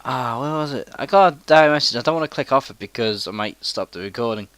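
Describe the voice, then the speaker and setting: A man's voice: medium pitch, lively intonation, fast talker, a bit bright, smooth, no echo. A young man co-hosting a casual gaming podcast, laid-back and swearing freely as he chats. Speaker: podcast co-host. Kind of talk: casual chat.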